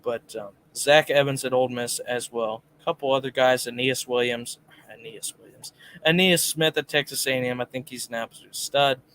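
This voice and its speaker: A man's voice: mid-range voice, fairly quick, hardly any pauses, fairly bright tone. A man co-hosting a casual live sports talk show, reading viewer comments and giving his picks in a chatty way. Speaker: podcast co-host.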